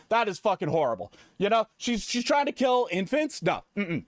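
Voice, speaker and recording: A man's voice: high voice, big pitch swings, unhurried, no room sound, clean studio sound. A man streaming, giving a mock-serious, profane comedy slideshow rant.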